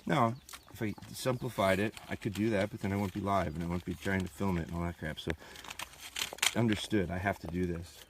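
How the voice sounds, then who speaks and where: On a live training stream, a dog trainer with a fairly low voice speaks briskly and with fairly even intonation, chatting casually to viewers as he works his dogs outdoors on a farm. He cuts in with short, firm heel and sit commands, and his phone or tripod camera picks up plenty of outdoor noise.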